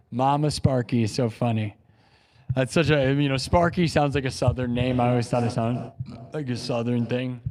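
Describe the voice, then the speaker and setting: A young man, a live streamer and improv musician, talks casually and emotionally while grieving, rambling, repeating phrases and saying "dude" and "bro." His medium-pitched voice is animated and darkish, at a moderate pace.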